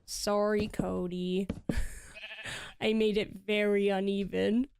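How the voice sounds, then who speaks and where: A woman's voice: mid-range voice, level tone, slow pace, creaky, a little mellow, clear, resonant tone. A woman streaming and chatting casually while she builds in a game, laughing often.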